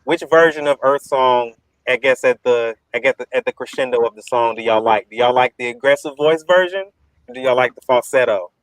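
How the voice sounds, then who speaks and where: Easygoing man moderating, smooth dry voice. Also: mid-range voice, no echo, poor audio. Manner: easygoing, halting with ums. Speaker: debate moderator. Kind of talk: casual online debate.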